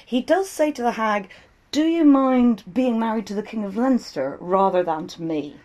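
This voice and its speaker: A woman co-hosting a casual chat, retelling an old Irish tale in an amused, animated way and laughing often. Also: on the high side, moderate pace.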